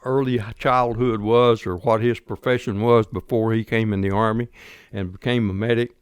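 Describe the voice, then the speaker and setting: A man's voice: on the low side, fairly even intonation, normal speed, clear, resonant tone, no echo. An older man telling his war story in a folksy, plainspoken interview manner. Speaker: guest veteran.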